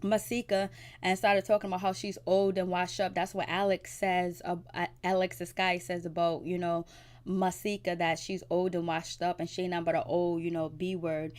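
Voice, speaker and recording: A woman's voice: on the low side, flat delivery, normal speed, a little mellow. A woman hosting a casual TV recap vlog, chatty and opinionated, with many "like" and "you know" fillers. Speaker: TV recap vlogger.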